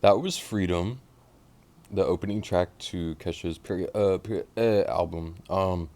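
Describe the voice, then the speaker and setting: A very low, gravelly male voice with lots of fry talks through a new album track by track. He is from Oklahoma, swears freely, and jumps between quiet mumbling asides and sudden loud excited outbursts. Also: unhurried, slight background noise. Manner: animated, profane, swings from mumbling to loud outbursts. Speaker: music reaction host. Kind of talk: casual album reaction.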